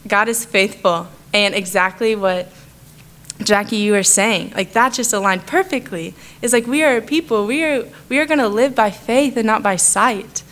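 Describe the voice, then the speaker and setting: A woman's voice: medium pitch, moderate pace, fairly bright tone. A young adult woman giving a heartfelt personal testimony to her church, talking in an earnest, conversational way. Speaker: church speaker sharing a testimony.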